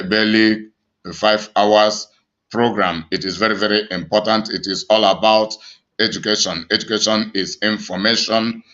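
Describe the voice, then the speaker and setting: Nigerian evangelist guy preaching to his channel, tense bright voice, keeps restarting. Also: on the low side, highs cut off. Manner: emphatic, repetitive, with frequent restarts and fillers. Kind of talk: preaching monologue to an online audience.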